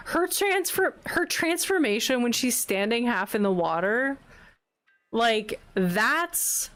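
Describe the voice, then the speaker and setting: Slow-talking young woman streamer, gushing. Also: on the high side. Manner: animated, gushing, giggly. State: sniffly, eyes watering. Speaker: livestream host. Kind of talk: casual chat with live chat. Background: soft background music.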